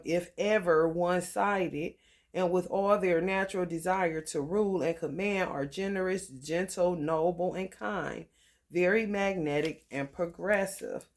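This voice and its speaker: An astrology vlogger talks at an unhurried pace, reading star-sign passages aloud. The pitch sits in a middle register. Between passages come slangy, profane asides. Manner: slangy, swears freely, reads book passages aloud with side comments. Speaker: astrology channel host.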